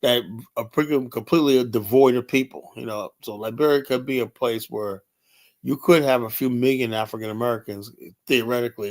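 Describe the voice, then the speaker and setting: An older man hosting a livestream, talking casually and bluntly, swearing often and leaning heavily on "you know". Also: medium pitch. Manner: rambling, blunt, profane, many "you know" fillers. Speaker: livestream host. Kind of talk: casual livestream talk reading chat.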